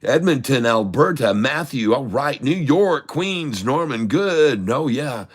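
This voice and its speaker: Slow-paced with lively intonation, this middle-aged man's medium-pitched voice is slightly rough. On his live day-trading stream he cheerfully greets viewers, reads out chat comments, and fires up the audience.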